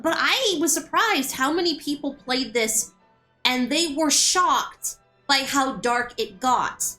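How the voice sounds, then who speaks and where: Bright high-voiced woman chatting. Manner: chatty, animated, repeats words when starting. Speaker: streamer. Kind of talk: casual chat while playing. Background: game music.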